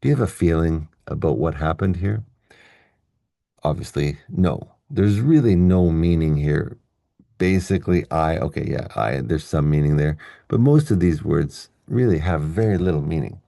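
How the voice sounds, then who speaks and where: A man teaching an online English pronunciation lesson, explaining clearly and slowing down to model the stressed words. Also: a bass voice, animated, mellow, no echo, studio quality.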